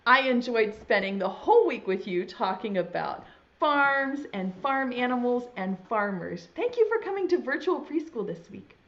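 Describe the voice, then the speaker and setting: Woman preschool teacher, storybook read-aloud, very lively pitch, dull lo-fi sound. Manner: animated, slow and sing-song, talks straight to children.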